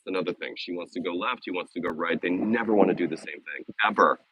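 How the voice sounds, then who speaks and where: Here a low-sitting male voice with a breathy edge moves at a quick pace, with no echo. He's a vlogger streaming live while out walking his dogs on a city walking path. Casual and blunt, he leans on sarcasm and swears often.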